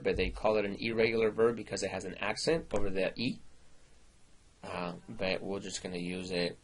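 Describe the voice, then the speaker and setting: A man walks students through a recorded lesson on a slide screencast. His voice sits on the lower side and carries a slightly husky grain. He keeps it loose and conversational, with casual fillers. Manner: relaxed, informal explaining with fillers. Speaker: Spanish teacher.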